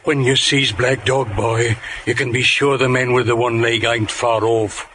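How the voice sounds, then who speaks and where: Demanding old sea captain, slow, gruff dialect, 1940s radio drama. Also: male voice, medium pitch, fairly even intonation, sharp tone, slight background noise. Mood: urgent. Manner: rough seaman's dialect, commanding. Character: rum-sodden old male sea captain, fearful and demanding.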